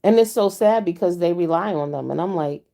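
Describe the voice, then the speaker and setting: A woman's voice: fairly low pitch, a little fast, creaky, warm tone. A middle-aged woman ranting bluntly and profanely to her viewers in a casual vlog. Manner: blunt and profane, with frequent mm-hmms. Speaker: vlogger.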